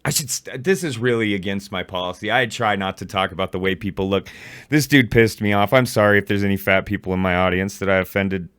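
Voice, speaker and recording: A man's voice: on the low side, fast talker, a bit bright, clean tone, no room sound. An adult man ranting angrily in a profane reaction commentary, recorded close on a mic. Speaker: commentary YouTuber.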